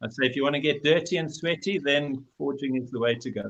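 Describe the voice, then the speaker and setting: A man's voice: medium pitch, quick pace, creaky, fairly bright tone, lo-fi sound. A man speaking as a guest in a casual panel chat over a video call, in a practical, matter-of-fact way. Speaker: knifemaker guest.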